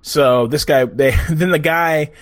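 A man hosting a casual chat, telling stories in an animated, profane way. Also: fairly high pitch, takes it slowly. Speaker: podcast host.

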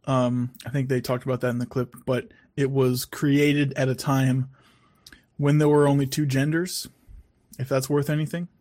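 Podcast guy, even mid voice, dry little asides. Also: mid-range voice, moderate pace. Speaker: podcast co-host. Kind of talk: casual chat.

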